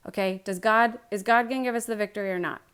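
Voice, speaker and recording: Woman reading a rushed, sulky king who hates bad news. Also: mid-range voice, steady tone, a bit bright, clear, resonant tone, lightly acted. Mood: impatient. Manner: whiny, rushed. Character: petulant, impatient male king.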